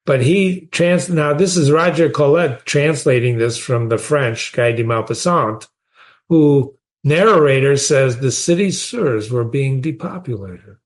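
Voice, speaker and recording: A man's voice: mid-range voice, measured pace. A man, teaching a short story in a conversational way and often asking the listener questions. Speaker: literature teacher.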